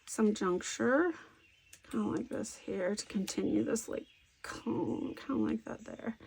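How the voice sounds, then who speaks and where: A woman in her fifties rambles happily through a scrapbooking vlog, voice sitting a little high. She tells her stories with animation and breaks into frequent laughter. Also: gravelly, slight background noise. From Virginia, US. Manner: rambling, animated storyteller who laughs often. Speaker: scrapbooking vlogger. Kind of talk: chatty crafting vlog.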